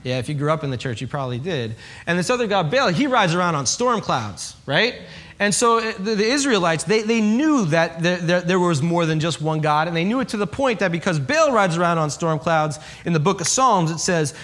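A man's voice: high-pitched, animated, a little fast, a bit bright. A man preaching a sermon, telling stories in a humorous, conversational way and checking in with his listeners. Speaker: pastor.

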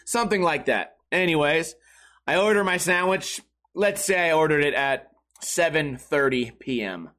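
A man's voice: fairly high pitch, normal speed, fairly bright tone. A man telling a comic story in a sarcastic, exaggerated, profane rant.

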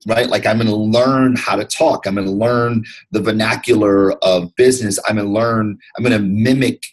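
A man from Detroit talks as a podcast guest, his voice somewhat low and a little husky. He speaks earnestly and reflectively, circling back and restarting phrases as he thinks. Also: fairly even intonation, normal speed, poor audio. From Detroit, USA. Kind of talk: candid interview conversation.

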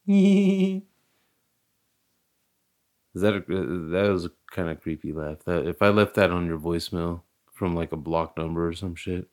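Young guy rambling on a podcast, swears a lot, kinda low voice. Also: level tone, moderate pace. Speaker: podcast host. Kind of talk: casual chat.

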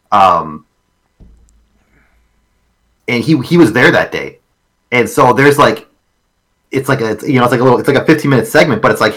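A man co-hosting a podcast in casual chat, telling stories haltingly with repeated words and casual swearing. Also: fairly low pitch, fairly bright tone, poor audio. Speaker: podcast co-host.

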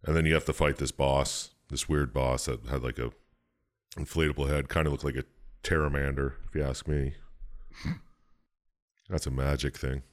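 A podcast co-host casually recaps a game's story, rambling and swearing as he jumps into silly quoted voices. His voice is extremely low with a steady tone, at a moderate pace, and he pauses often.

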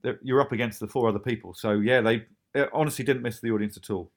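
A man, the creator of a show, chatting casually about making it, quick and often laughing. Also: medium pitch. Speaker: show creator talking about his series. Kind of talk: casual podcast chat.

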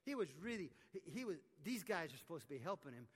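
High-voiced preacher telling a story, stammering. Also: male voice, fast talker, breathy edge. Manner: animated, repetitive stammering. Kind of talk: storytelling sermon. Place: conference hall, live audience. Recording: echoey live conference hall.

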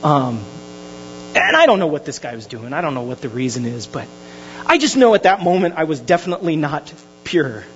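A male pastor, preaching a sermon with animated storytelling that swings from hushed to loud. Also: a little high, a little fast, a little hiss or hum. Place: church hall. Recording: dull lo-fi sermon recording.

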